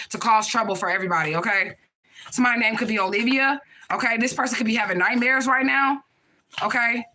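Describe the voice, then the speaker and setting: Speaking in a sharp, fairly high-pitched voice, a young card reader chats casually on a live stream. She's blunt, swears often, and drives her points home with "okay?" and "period, point blank."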